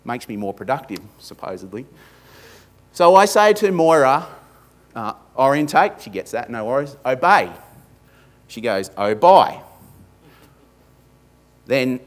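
A man's voice: medium pitch, very animated, measured pace, long pauses. A man with an Australian accent preaching a sermon in church, emphatic, stacking repeated lists and slipping in humorous asides. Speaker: pastor.

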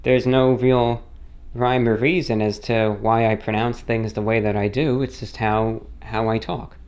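In dull-sounding audio, a mid-range male voice speaks with a level tone at a measured pace, a little mellow. The speaker, a U.S. host with a faintly non-rhotic, slightly British-like accent, answers a listener's question in a casual, meandering story where he keeps correcting himself.

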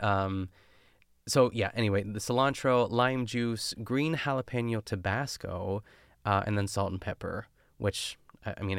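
Gravelly low-voiced man, chatty recap. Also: no echo, clean studio sound. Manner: chatty and rambling, full of fillers and tangents. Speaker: podcast host recapping a cooking show. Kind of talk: casual chat.

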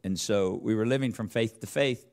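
Man, middle-aged, preacher, rambling storytelling sermon, lowish voice. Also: normal speed, a little mellow. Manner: rambling, restarts, rises in pitch and volume as the story builds.

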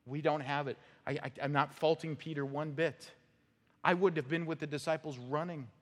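A male pastor preaching an expository sermon, emphatic, with rhetorical "right?" checks and sudden drops to a quiet voice. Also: a little high, fairly even intonation, moderate pace. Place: church sanctuary. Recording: reverberant hall sound.

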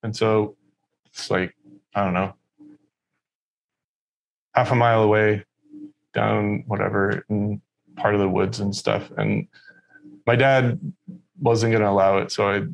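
A man's voice: fairly low pitch, steady tone, measured pace, creaky, pauses often. A man from Texas telling a story in casual conversation, rambling and profane, with lots of fillers.

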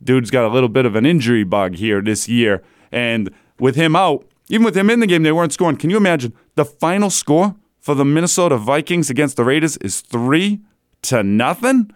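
A man hosting a solo sports talk show from a studio, chatting in a casual, animated way and chuckling as he goes. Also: medium pitch, fairly quick, no room sound. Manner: animated, chatty, laughs between lines.

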